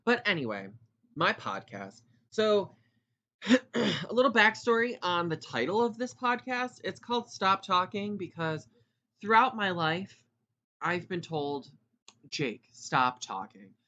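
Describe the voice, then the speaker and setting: A man in his twenties hosting a casual solo podcast, talking fast and loud with rambling asides. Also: sits high, lively intonation, dull audio. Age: 20s. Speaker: podcast host.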